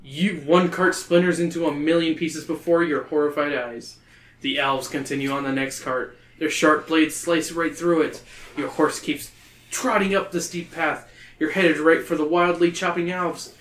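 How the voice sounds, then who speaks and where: A man's voice: a little high, fairly even intonation, normal speed, fairly bright tone. Male host reading a kids' book aloud, playful, roomy echo. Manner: playful, breaking into laughter.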